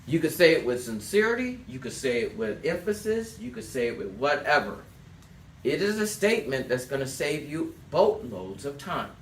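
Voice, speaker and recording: A man's voice: a little high, very animated, moderate pace, a little hiss or hum. A man teaching a sales class, giving direct instructions and telling listeners to write things down. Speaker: sales trainer. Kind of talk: sales coaching talk. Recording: echoey room, distant mic.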